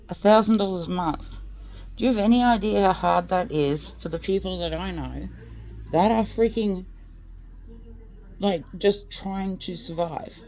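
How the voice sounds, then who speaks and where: Speaking in a fairly low, slightly mellow voice, this Australian woman rants heatedly at the camera for her vlog. Her delivery is blunt and full of swearing, with "like" and "mate" cropping up constantly.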